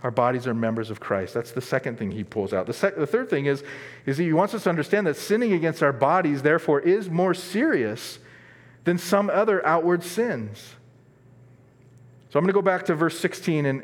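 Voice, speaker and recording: A man preaching a sermon as pastor, earnest and emphatic, dropping from strong stress to quiet asides. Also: on the high side, lively intonation, a little fast. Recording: long reverb of a large hall.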